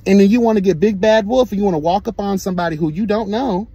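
A man telling a story in a sassy, profane, animated storytime rant. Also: sits high, fast talker, husky, no room sound. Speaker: vlogger.

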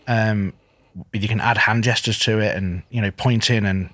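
A man's voice: fairly low pitch, fairly even intonation, a bit bright, no echo, clean studio sound. A young man, a gym owner guest, telling stories in a casual, rambling way with many restarts. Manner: fast, rambling storyteller with restarts. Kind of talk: casual conversation.

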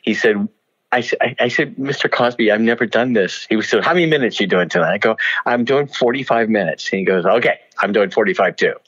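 An older man with a lowish voice tells showbiz stories at a brisk, animated clip, laughing between lines and slipping into other people's voices. The recording sounds dull and lo-fi, as if the top end were cut off. He talks in a warm, chatty interview style. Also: husky. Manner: animated, laughs often, does voices in anecdotes. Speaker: guest actor. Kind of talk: storytelling interview. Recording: dull lo-fi audio.

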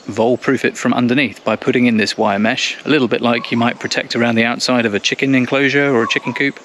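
A relaxed man talks the camera through a garden project outdoors, pausing now and then to find the word. His voice has a middle pitch. Faint outdoor noise sits behind him. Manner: relaxed, explanatory, some hesitations. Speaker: co-host of a gardening channel. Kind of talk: casual explaining to camera.

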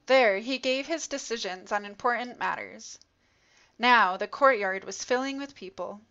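A woman narrating a story in an expressive, dramatic reading style. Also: a little high. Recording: dull lo-fi recording.

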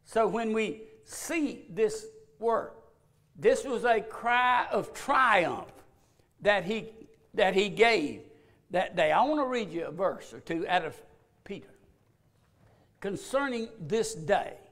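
High-voiced slow Southern preacher. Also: male voice, expressive. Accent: Southern American. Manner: preaching with sudden loud rises and long pauses. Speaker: pastor. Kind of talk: sermon.

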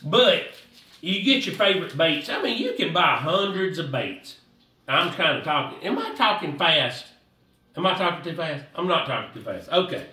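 A man's voice: on the high side, expressive, moderate pace, sharp tone, reverberant, distant mic. A man giving a casual, rambling fishing how-to, repeating himself in a folksy way. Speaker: fishing vlogger.

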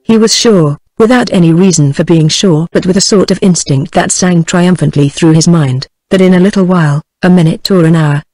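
A woman's voice: on the low side, no room sound. Synthetic British woman reading a novel. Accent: British English. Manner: even, synthetic reading cadence. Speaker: audiobook narrator. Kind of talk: text-to-speech book reading.

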